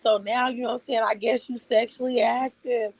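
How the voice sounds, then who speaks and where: A woman's voice: a little high, steady tone, brisk, creaky, dry recording, poor audio. A middle-aged woman on a livestream, ranting with heat and profanity and repeating her phrases for emphasis. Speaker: livestream host. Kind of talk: emotional livestream rant.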